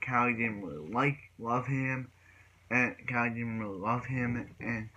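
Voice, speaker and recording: A man's voice: medium pitch, measured pace, muffled recording, background noise. A man recapping a TV episode in a casual, rambling way, restarting his sentences often. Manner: rambling retelling with many restarts. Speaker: TV show reviewer.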